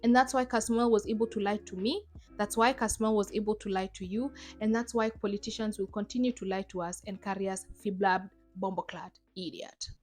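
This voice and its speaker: A woman's voice: mid-range voice, steady tone, brisk, a little mellow, faint music behind. A young adult woman from Zimbabwe giving emphatic, sarcastic commentary in a vlog. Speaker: YouTuber.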